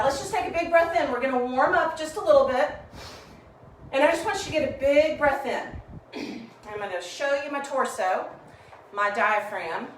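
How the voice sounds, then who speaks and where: A woman's voice: on the high side, a bit bright, far from the mic. A woman fitness coach leading a live home workout, chatty and encouraging, sometimes apologizing for technical trouble. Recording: echoey home room with faint background noise.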